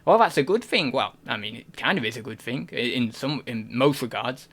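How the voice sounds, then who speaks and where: A man's voice: medium pitch, lively intonation, normal speed, fairly bright tone. A man hosting a live stream, talking casually in a rambling, giggly way with many restarts and fillers.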